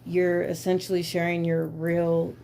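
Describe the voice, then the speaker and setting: A woman's voice: fairly low pitch, completely flat delivery, a little slow, creaky, dark tone, a little hiss or hum. A woman hosting a podcast, talking candidly and casually with lots of swearing and filler words. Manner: candid, profane, filler-heavy. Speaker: podcast host. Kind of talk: casual chat.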